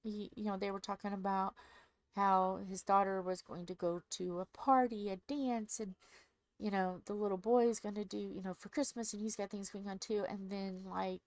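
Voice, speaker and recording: A middle-aged woman from Indiana, chatting casually to her viewers while doing a craft, rambling and growing soft when sad. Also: medium pitch, fairly even intonation, moderate pace, no echo, rough recording. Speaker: crafting channel host. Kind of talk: casual chat to viewers while diamond painting.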